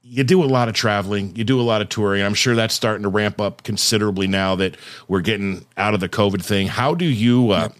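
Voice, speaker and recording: A man's voice: on the low side, fast. A man hosting a casual podcast interview, bantering playfully before settling into his questions. His delivery is conversational and easygoing. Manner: joking, then turning earnest with questions. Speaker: podcast host.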